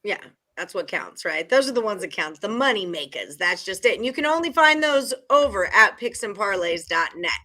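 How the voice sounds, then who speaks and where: A woman's voice: mid-range voice, animated, moderate pace, sharp tone. A woman from Texas hosting a casual sports betting chat, bubbly and chatty. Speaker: host.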